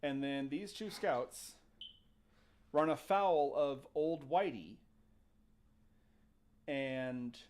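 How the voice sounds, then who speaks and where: A man hosting a casual show, telling a ghost story with jokes and acted-out quotes. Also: a little high. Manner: animated, jokey, acts out quotes. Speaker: podcast host.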